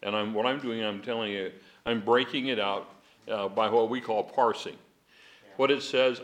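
A man's voice: lowish voice, fairly even intonation, normal speed. A man teaching a Bible class in a folksy, digressive way, chuckling often.

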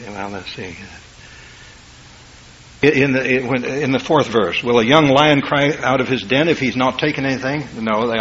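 A man preaching in a homespun, talky way, suddenly rising to loud high bursts before sinking back to a low murmur. His voice sits at an ordinary middle pitch. The recording is a dull, muffled tape with a faint hiss of the room behind him. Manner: folksy, rising to loud emphatic bursts then dropping low. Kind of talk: sermon.

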